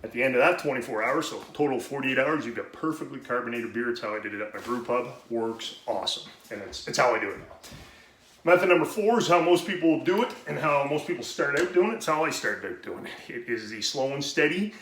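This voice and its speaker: Breathless, bright-voiced homebrew guy, rambling. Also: mid-range voice, animated, brisk. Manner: rambling, profane, self-interrupting. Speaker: home brewing video host. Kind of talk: casual how-to demonstration. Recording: roomy echoey room, faint noise.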